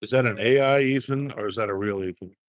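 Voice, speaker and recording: A man's voice: lowish voice, quick pace, no room sound. A man hosting a casual livestream, chatting in a folksy, drawling way from a handheld camera rig. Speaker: livestream host. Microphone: handheld gimbal camera.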